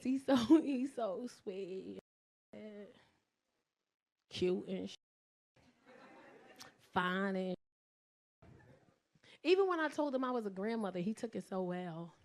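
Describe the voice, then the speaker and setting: A woman in her forties with a New York accent, doing a stand-up routine, animated and profane, often jumping into shouts. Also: medium pitch, slow, long pauses. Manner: loud, animated, swings to shouting; profane, slangy. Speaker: stand-up comedian.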